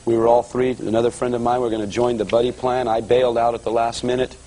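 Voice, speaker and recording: A man preaching to a church audience, telling his conversion story in a lively storytelling manner and acting out the voices of others. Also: medium pitch, fast talker, slight background noise, low-quality recording. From Los Angeles area. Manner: animated storyteller, voices quotes, rising excitement. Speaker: guest preacher giving testimony. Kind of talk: sermon testimony storytelling.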